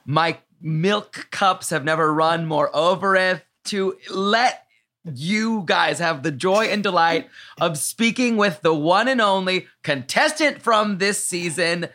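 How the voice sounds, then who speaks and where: A man's voice: high voice, slow pace, pushed and bright. A man with an American accent hosting a podcast, joking crudely and laughing often in casual chat. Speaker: podcast host.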